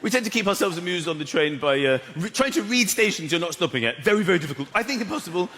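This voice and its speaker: A man's voice: sits high, expressive, rapid-fire. A man performing stand-up comedy on a large theatre stage, telling stories animatedly and acting out characters. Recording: echoey theatre with loud audience laughter.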